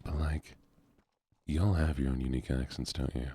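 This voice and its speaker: A man softly chatting with viewers while streaming a game, in a soft-spoken, easygoing way. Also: rumbling low, steady tone, normal speed, husky.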